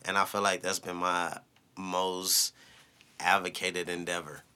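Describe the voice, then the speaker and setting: Loose, profane man with a bright voice. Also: level tone, unhurried, smooth. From St. Louis. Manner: loose, profane, swings from shouting to low asides. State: drunk. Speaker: media company owner. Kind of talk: casual chat.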